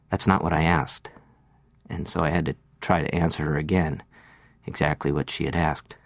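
A man reading a literary first-person monologue, slow and reflective, lingering over details. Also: deep voice, no room sound.

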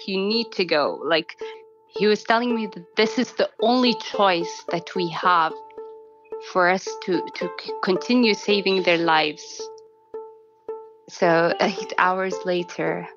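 A woman telling her own story in an interview, soft and halting, often restarting her sentences. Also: lowish voice, dull audio, music in the background. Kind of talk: personal account in a documentary interview.

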